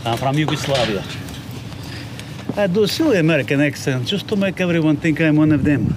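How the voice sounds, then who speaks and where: A man with a somewhat high voice rambles through an absurd comedy monologue in a deadpan way. He drifts from low mumbles up to sudden shouts. A faint hiss sits under the recording. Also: fairly quick.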